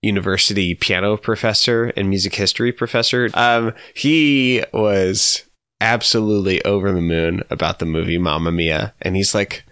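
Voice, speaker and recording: A man's voice: on the low side, steady tone, moderate pace, fairly bright tone, clean tone, no room sound. A man co-hosting a podcast in casual chat, hesitant with many fillers and giggles. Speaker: podcast co-host. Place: home vineyard, indoors.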